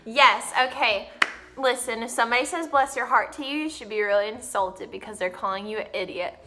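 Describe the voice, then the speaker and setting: A woman's voice: on the high side, steady tone, brisk, bright, forceful tone. A young woman, chatting casually and giggling as she acts out little quotes. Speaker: vlog co-host. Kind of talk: casual chat.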